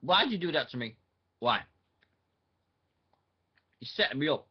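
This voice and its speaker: A man's voice: fairly high pitch, sing-song, slow, breathy edge, lo-fi sound. A man hosting a casual online radio show, rambling and thinking aloud with plenty of fillers.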